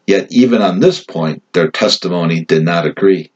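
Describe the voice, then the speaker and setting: A man giving a scripted Bible reading, measured and solemn. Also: deep voice, darkish tone, husky, lo-fi sound. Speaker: scripture reader.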